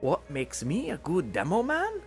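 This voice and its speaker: A man doing a slow, swaggering impression of a Scottish demolitions man from a game, with a put-on Scottish accent. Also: high-pitched, huge pitch swings, gravelly, soft background music, pitched above the performer's own voice, full character voice.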